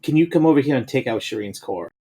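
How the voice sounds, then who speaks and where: A man's voice: mid-range voice, animated, fast, dark tone, breathy edge. A man playing a tabletop game, talking in a hesitant, stop-start way. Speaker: player. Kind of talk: casual tabletop role-play.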